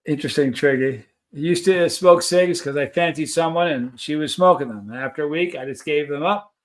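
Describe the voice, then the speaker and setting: A man's voice: a little high, brisk. A man hosting a live stream, chatting casually and reading out viewer comments in a rambling, friendly way.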